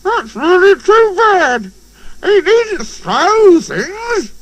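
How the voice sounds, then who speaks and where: Brief: small anxious storybook engine, male, squeaky and strained, drawn-out wails voiced by a man. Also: expressive, breathy edge, exaggerated voice. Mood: indignant. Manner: high fretful cries, panting with effort. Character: small eager young male steam engine.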